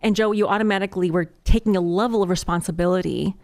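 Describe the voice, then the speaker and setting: A woman's voice: mid-range voice, fast talker, vocal fry, darkish tone. A woman co-hosting a casual podcast chat about marriage with her husband, talking chattily with lots of "like". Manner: chatty, uses many fillers like "like". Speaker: podcast co-host.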